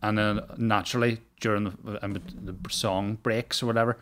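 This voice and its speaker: A man's voice: lowish voice, steady tone, normal speed, fairly bright tone, slight background noise. A man, a guest on a comedy podcast, chatting in a self-deprecating way and laughing often. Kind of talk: casual comedy banter.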